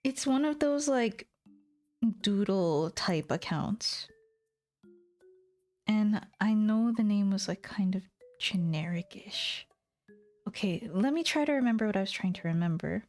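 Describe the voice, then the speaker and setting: A woman's voice: mid-range voice, animated, a little slow, pauses often, a little mellow, soft background music. A young woman VTuber chatting casually on stream, rambling, swearing and giggling in exasperation.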